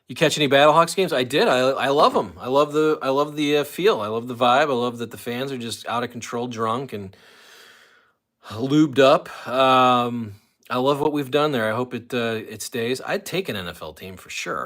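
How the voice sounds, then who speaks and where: A man's voice: medium pitch, expressive, moderate pace, a bit bright. A man hosting a casual live stream who rambles, reads viewer comments aloud and walks around his room while he talks. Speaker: livestream host. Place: room at home with an autograph wall.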